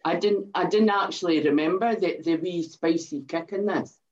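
A Scottish woman tasting whisky on a casual show, talking in a measured, hesitant way. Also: on the low side, darkish tone, lo-fi sound. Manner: measured and hesitant, with many restarts. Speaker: co-host and taster.

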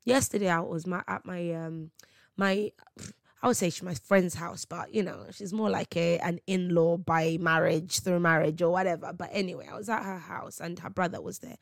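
A woman hosts her faith podcast, speaking with emphasis and street slang. Her voice has a gravelly edge. The sound is dry and close, with no room around it. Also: fairly low pitch, steady tone, moderate pace, no echo. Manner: emphatic, preachy, slangy storytelling. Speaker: podcast host.

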